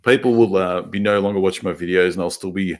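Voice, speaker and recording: An Australian man with a low-pitched, steady voice talks at a quick pace as he hosts a relaxed livestream. Reading through viewer comments, he meanders, swears plenty, and keeps breaking off to restart, with lots of fillers.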